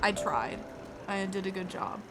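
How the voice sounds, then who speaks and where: A woman streamer talks casually through a live game session at a middle pitch, rambling and joking at her own expense. Clear game music plays steadily behind her voice. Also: lively intonation, a little slow. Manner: chatty, playful, rambling, self-deprecating. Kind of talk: casual live gameplay commentary.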